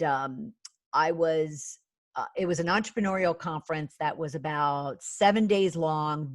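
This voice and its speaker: A woman's voice: sits low, no room sound, clean studio sound. A middle-aged woman, a business coach and author, telling her personal story earnestly, with many "you know" fillers.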